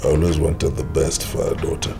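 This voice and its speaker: An actor with a Nigerian accent playing an ailing older father with a weak heart, speaking slowly and reflectively. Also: a bass voice, fairly even intonation, creaky, over music. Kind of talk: film drama acting.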